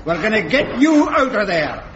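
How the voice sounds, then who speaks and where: An actor playing a blunt, scornful private. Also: male voice, sits high, sing-song, normal speed, heavy background noise. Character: blunt, dour older male Scottish private. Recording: dull, roomy sitcom soundtrack with long reverb.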